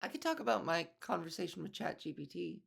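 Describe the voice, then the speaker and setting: A woman's voice: fairly low pitch, sing-song, quick pace, vocal fry, slightly rough. A woman comedian hosting her own podcast, rambling in a casual, profane monologue with many restarts and asides.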